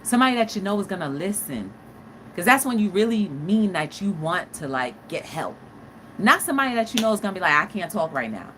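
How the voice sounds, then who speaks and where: A woman's voice: medium pitch, fairly quick, a little hiss or hum, low-quality recording. A woman hosting a casual live-stream talk show, chatting with viewers in a playful, dramatic way. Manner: animated, playful, dramatic exclamations. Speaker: talk show host reading live chat.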